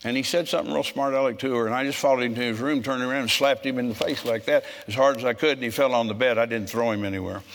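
A man in his seventies preaching a sermon, telling stories bluntly and growing forceful when he scolds. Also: medium pitch, fairly even intonation, fast talker, few pauses. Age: 70s. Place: church service with congregation.

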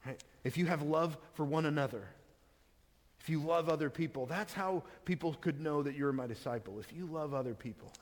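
A pastor with a slightly high voice speaks a little fast as he preaches a sermon, reading scripture aloud and then explaining it in plain, conversational language. A long hall reverb surrounds the recording.

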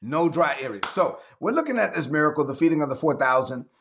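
A man's voice: on the high side, sing-song, fast, a bit bright, a little hiss or hum. Fervent man preaching a sermon. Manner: declaring, call-and-response preaching. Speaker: pastor. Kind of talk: livestreamed sermon.

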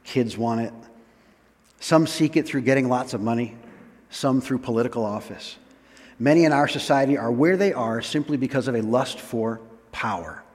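A man preaching a sermon. He reads scripture slowly, then explains it in a relaxed, chatty way with small laughs. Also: mid-range voice, big-room sound.

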